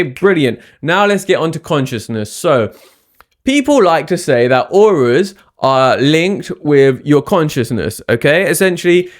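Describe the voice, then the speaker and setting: Chatty man with lively voice. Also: fairly high pitch. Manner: chatty, emphatic, asks "yeah?" often. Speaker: spiritual science vlogger. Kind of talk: casual talking-head vlog.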